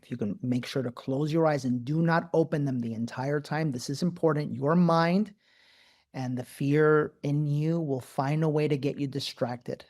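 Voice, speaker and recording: Host, male, live spiritual talk; excitable, swears freely, rapid repeated yeses. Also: fairly high pitch. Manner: animated, profane, repeats words in bursts.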